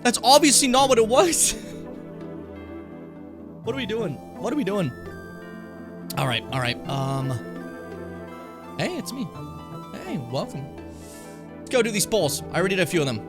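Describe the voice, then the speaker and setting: A man with a high, bouncy voice streams a game, chattering excitably and yelling at enemies as he plays. Swearing comes easily to him. Game music plays behind him. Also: normal speed, pauses often. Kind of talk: casual gameplay commentary.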